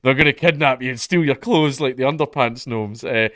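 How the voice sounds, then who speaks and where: A man's voice: mid-range voice, brisk, fairly bright tone, no room sound. Sardonic Scottish man, dry close mic. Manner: sardonic, swears freely, laughs at his own jokes. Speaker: commentary vlogger. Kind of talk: casual comedic news commentary.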